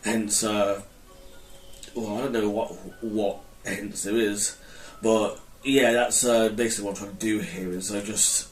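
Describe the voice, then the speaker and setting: A man talks casually over his gameplay, pitched a little low and hesitant, doubling back on his own words. He sounds set back from the mic in an echoey room, with faint noise beneath him. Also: little pitch movement, unhurried, faint music behind. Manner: rambling, hesitant, self-correcting. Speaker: gaming channel host. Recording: roomy, mic held far off with faint noise.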